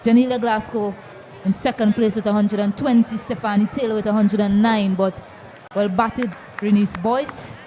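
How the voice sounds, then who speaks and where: A woman's voice: mid-range voice, fairly even intonation, dark tone, slight background noise. Vincentian woman cricket co-commentator. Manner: measured, reads out stats. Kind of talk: live sports commentary. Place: outdoor cricket ground.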